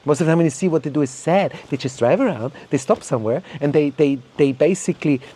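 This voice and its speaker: Man ranting on a podcast, mellow warm voice, stumbling repeats. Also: fairly high pitch, fast. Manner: heated, ranting, swears, repeats words, mocks others in quoted voices. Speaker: podcast host. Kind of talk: opinionated monologue.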